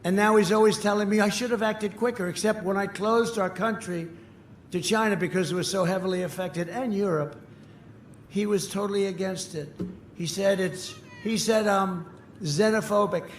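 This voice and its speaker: Older man, rally speaker, high-pitched voice, boastful and repetitive, booming echo over faint crowd noise. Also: normal speed. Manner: repetitive, boastful, swings from shouting to mutters. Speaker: political candidate at a rally. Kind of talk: rally speech. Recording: echoey open-air PA sound, faint crowd noise.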